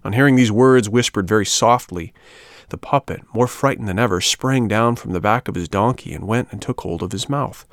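A man reading a classic children's story aloud in a measured, even way. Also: lowish voice, dry recording. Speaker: audiobook narrator. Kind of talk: storybook narration.

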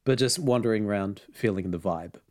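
A man's voice: on the low side, a little fast, darkish tone. A man casually retelling a story as podcast host, with frequent ums and laughs. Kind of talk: casual chat.

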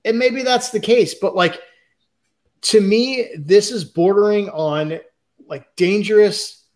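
A man co-hosting a football podcast, ranting in frustration and swearing. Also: a little high. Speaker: podcast co-host. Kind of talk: heated football fan chat.

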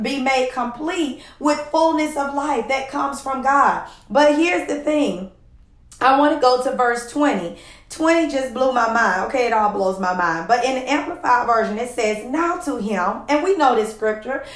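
A woman's voice: high voice, reverberant. A woman hosting a devotional podcast, preaching in a heartfelt, emotional way, close to tears and calling out "y'all" to her listeners. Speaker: podcast host.

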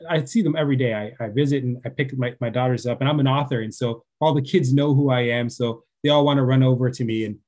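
A man in his forties, an author and father, telling a personal story in an earnest, conversational way that often drops to a soft hush. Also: medium pitch, fairly even intonation, quick pace, hardly any pauses. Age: 40s.

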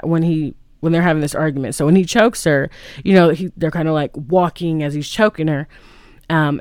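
Retelling a movie's story in a loose, rambling way, this vlogger keeps restarting and saying "like". The voice is smooth and medium-pitched, sounding close and dry with no room around it.

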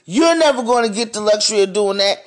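Heated, profane man ranting, high voice. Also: lively intonation, fast talker. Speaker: podcast host. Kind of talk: ranting monologue.

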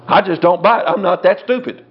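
A man's voice: high voice, fairly quick, background noise. A man teaching a sermon verse by verse, blunt and scornful in his emphatic preaching. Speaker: Bible teacher. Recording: dull lo-fi recording.

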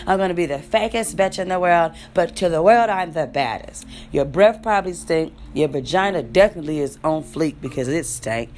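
A woman's voice: on the low side, animated, moderate pace, few pauses, a little mellow, a little hiss or hum. A young adult woman ranting bluntly and sarcastically to her viewers, full of profanity. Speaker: vlogger. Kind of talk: ranting monologue.

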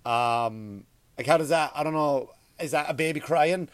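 A man's voice: a little high, moderate pace, no echo. A middle-aged man from Ireland with an Irish accent, hosting a comedic rant podcast in a crude, rambling, profane way. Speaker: podcast host.

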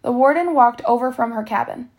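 A woman reading a novel aloud, steady, sometimes stumbling and correcting herself. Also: a little high, brisk. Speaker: reader.

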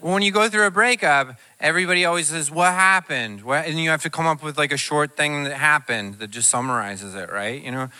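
A man doing a stand-up comedy set, telling self-deprecating stories in an animated way. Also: on the high side, fairly quick, hardly any pauses.

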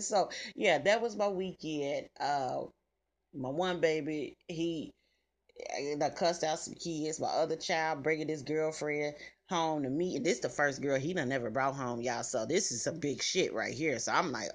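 A woman's voice: low-pitched, a little slow. A middle-aged woman, telling stories to her listeners in a blunt, salty way with plenty of cussing. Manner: blunt, salty, cusses freely, talks straight to listeners. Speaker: podcast host. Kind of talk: casual storytelling chat.

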